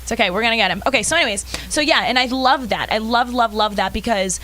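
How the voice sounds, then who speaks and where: A woman co-hosting a live talk show, chatty and animated, talking in quick asides. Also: a little high, slight background noise. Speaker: co-host.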